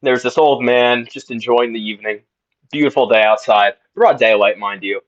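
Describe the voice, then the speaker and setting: A man's voice: medium pitch, moderate pace, dull audio. A man co-hosting a comedy video, recounting an absurd story in a dry, matter-of-fact way. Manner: dry, matter-of-fact, feeding straight lines. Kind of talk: deadpan mock apology, improvised comedy.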